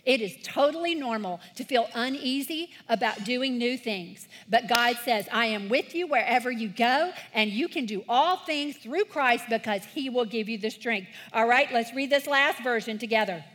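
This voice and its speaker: A woman with a slightly high, somewhat bright voice speaks at normal speed and barely pauses. As a children's ministry leader giving a church talk to kids and parents, she leads an earnest, encouraging call-and-response reading of scripture with the congregation.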